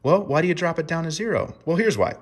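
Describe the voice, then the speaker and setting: A man's voice: on the high side, lively intonation, fast talker. A man explaining dog training to owners in an emphatic teaching tone, often checking in with "right?". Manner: emphatic, keeps asking "right?".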